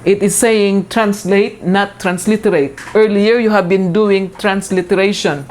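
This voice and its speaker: A woman's voice: medium pitch, steady tone, unhurried, darkish tone, a little hiss or hum. A woman instructor giving a recorded lecture, explaining step by step, repeating points with frequent fillers.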